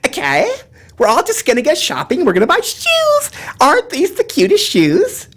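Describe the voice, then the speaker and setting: A man's voice: very high voice, huge pitch swings, moderate pace, fairly bright tone, pitched above the performer's own voice, exaggerated voice. A man voicing a giddy young woman shopper with a Californian accent, squealing and breathless. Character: giddy valley girl shopper.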